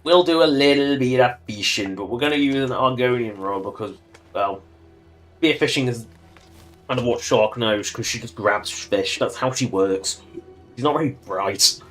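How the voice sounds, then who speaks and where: A man's voice: mid-range voice, moderate pace, a bit bright, faint music behind. A man giving casual, joking commentary while livestreaming a game and talking to its characters. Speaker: streamer.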